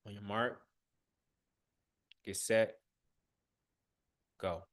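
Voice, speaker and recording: A man's voice: fairly low pitch, fairly even intonation, very slow, no room sound, clean studio sound. A man hosting a live online coaching session, giving direct, coaxing instructions with casual slang. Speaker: workshop host.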